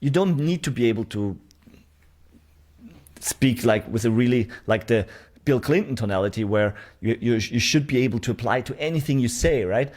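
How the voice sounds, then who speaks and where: A man's voice: mid-range voice, lively intonation, moderate pace, a little mellow. A man teaching a sales course, demonstrating question tonalities and checking in often with the learner. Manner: talks straight to the learner, checking with "right?". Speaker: sales trainer. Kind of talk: online course lesson.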